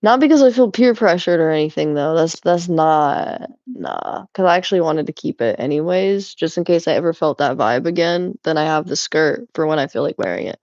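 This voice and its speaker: Playful young woman with a gravelly edge. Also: low voice, animated, a little fast, darkish tone, no echo, dull audio. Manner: playful, teasing, rambling. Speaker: streamer. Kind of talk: casual chat while cleaning. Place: indoors at home.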